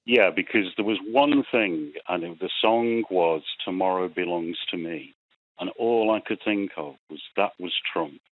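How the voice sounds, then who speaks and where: Male caller, low voice, anxious and halting, tinny dry phone line. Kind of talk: phone-in call.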